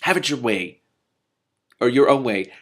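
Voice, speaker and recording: A man's voice: mid-range voice, lively intonation, unhurried, a bit bright. A man doing a grumpy, stubborn old king. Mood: peevish. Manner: peevish, testy complaining.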